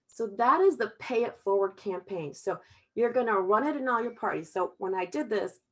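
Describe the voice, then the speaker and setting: A woman's voice: medium pitch, lively intonation, moderate pace. A middle-aged woman giving a heartfelt motivational sales talk over a video call, chatty and often checking in with "okay?". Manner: chatty, tags sentences with "okay?" and "all right?"; heartfelt, gets emotional at times. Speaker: Tupperware sales consultant presenting to a team.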